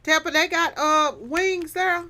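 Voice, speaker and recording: This woman's voice is extremely high, pushed, and bright, and she speaks unhurriedly. Casually chatting on a livestream, she pokes fun at her viewers, uses Southern slang, and breaks into big laughs.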